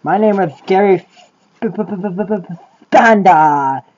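A woman's voice: medium pitch, slow, a little mellow, muffled recording. A woman voicing a crude, foul-mouthed male podcast host who talks brashly and stammers, in a parody call-in show. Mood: annoyed.

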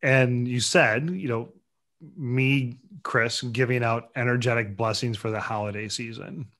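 A man hosting a podcast, musing aloud in a halting way with many fillers. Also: medium pitch, fairly even intonation, a bit bright. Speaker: podcast host. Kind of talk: casual podcast chat.

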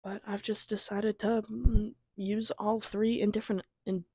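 A young woman casually chatting through a trailer review, rambling, giggling and trailing off into soft mumbles. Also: mid-range voice, level tone, unhurried, breathy edge, no room sound.

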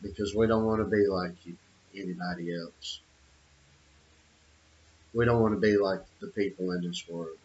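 A man's voice: low-pitched, fairly even intonation, moderate pace, long pauses, a little mellow. A middle-aged man giving an opinionated monologue, emphatic, with repeated phrases and many fillers. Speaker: channel host. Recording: dull lo-fi audio.

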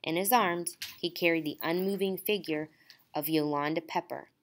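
Woman, low voice, steady, measured, audiobook narration. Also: a little hiss or hum. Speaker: audiobook reader. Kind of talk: scripted narration.

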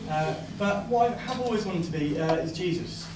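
A young man performing a stand-up comedy set, hesitant and deadpan, with lots of uhs and ums. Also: sits high, moderate pace, background noise. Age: young adult. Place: comedy club stage. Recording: echoey live venue, distant mic, loud crowd laughter. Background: audience laughter.

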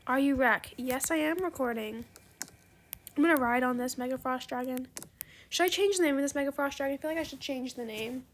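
A woman giving casual gameplay commentary, excitable and gushing, then soft and apologetic when she turns down offers. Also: sits high, fairly quick, slight background noise. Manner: apologetic, soft-spoken when declining trades. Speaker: gaming video creator.

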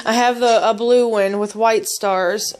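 Young woman, mom type, high-ish voice, effusive and excitable; casual home recording with audible hiss. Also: unhurried. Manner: gushing, exclaims often. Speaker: mother and vlogger. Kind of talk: casual unboxing chat with kids. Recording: noisy home video.

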